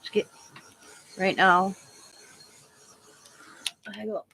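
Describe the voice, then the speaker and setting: A woman's voice: medium pitch, level tone, extremely slow, vocal fry, bright, forceful tone, a little hiss or hum. An older woman from Wisconsin, a craft channel host, rambling through family stories while crafting and laughing at her own tales. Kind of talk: casual chat while crafting live.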